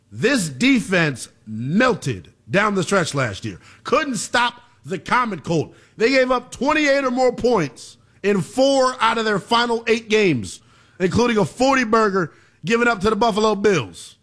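A man's voice: high voice, sing-song, unhurried, fairly bright tone. A man hosting a sports talk show, blunt and emphatic, firing off rhetorical questions.

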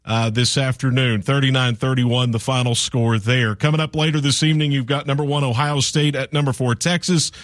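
A man anchoring a radio sports scoreboard update, brisk with small fillers between scores. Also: medium pitch, level tone, no room sound, studio quality.

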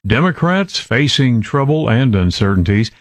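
A man reading a radio news bulletin in a crisp announcer manner. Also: mid-range voice, very animated, normal speed, slight background noise. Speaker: news anchor.

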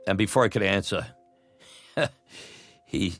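A middle-aged man telling a personal story, animated and laughing often, acting out what others said. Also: low voice, slow pace. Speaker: storyteller, former batboy. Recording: music bed under voice.

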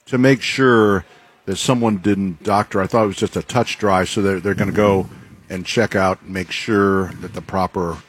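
A man's voice: low-pitched, steady tone, normal speed, a little hiss or hum. A man chatting casually as a guest, rambling and trailing off mid-sentence. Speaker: guest, event organizer. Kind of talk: casual on-air chat.

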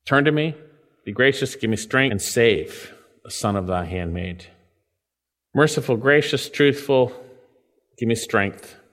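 Preaching man in a reverberant hall. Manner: expository preaching, reading scripture aloud and explaining it; lively, rises in pitch for emphasis. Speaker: pastor. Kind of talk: sermon.

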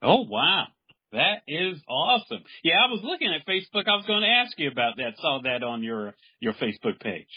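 Interview host guy, kinda high voice, curious questions, muffled lo-fi audio. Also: big pitch swings, slightly rough. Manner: friendly, curious, halting questions. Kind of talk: casual interview. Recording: dull lo-fi sound.

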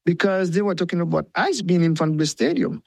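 A hoarse man, speaking earnestly and emphatically in an interview. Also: sits high, fast, no room sound, poor audio. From Haiti. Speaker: interviewee, soccer fan. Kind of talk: interview clip.

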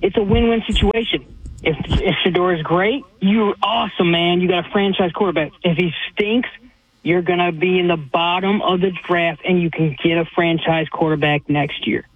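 A man's voice: sits high, steady tone, moderate pace, a little hiss or hum. A man calling in to a sports radio show, giving his opinions in a blunt, dismissive way. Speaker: caller. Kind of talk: call-in sports talk radio. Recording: tinny phone line, dry.

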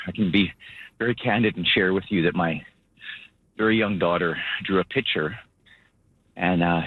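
A man's voice: low voice, breathy edge, no room sound. Out-of-breath man on a phone line. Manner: earnest, rambling, halting restarts. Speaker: local government emergency spokesperson. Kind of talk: phone interview. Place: outdoors at his vehicle.

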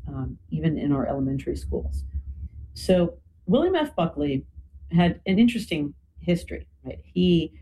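A woman's voice: on the low side, darkish tone, slight background noise, low-quality recording. A woman explaining history in a conversational talk, often adding "you know" and "right?". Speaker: guest speaker.

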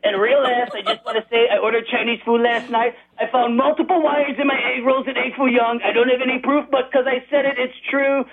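A man from Chicago with a Chicago accent calling a radio show, fast and scattered. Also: very high-pitched, little pitch movement, gravelly, over a noisy crowd. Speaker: caller. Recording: tinny phone line.

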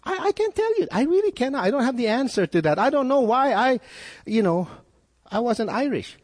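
A male pastor preaching a sermon, with animated delivery, sudden rises in pitch and frequent repeated words. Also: brisk, big-room sound.

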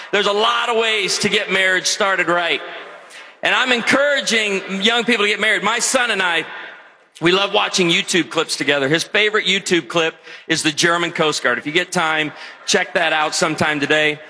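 A man in his forties giving a humorous live talk, energetic and joking, often shouting punchlines. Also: high-pitched. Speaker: speaker. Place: large hall with live audience. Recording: echoey hall, faint noise.

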